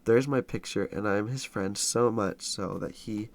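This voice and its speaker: A man reading the lines of a sharp-tongued, proud young mistress in a novel, with small stumbles. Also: fairly low pitch, measured pace, creaky. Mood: scornful. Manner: read plainly with small stumbles.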